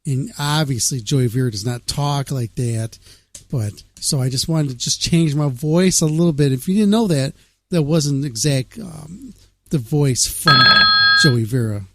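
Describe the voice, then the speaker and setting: A man's voice: mid-range voice, measured pace, slight background noise. A man hosting a casual radio show, rambling and laid-back, reading out press notes and chatting with a caller.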